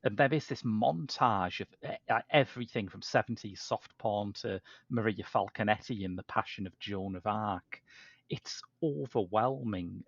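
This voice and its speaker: A man's voice: vocal fry, husky, dry recording. A man hosting a podcast, chatting casually about a film in an English way of speaking, with frequent restarts and asides. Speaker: podcast host. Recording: dull dry low-fidelity podcast audio.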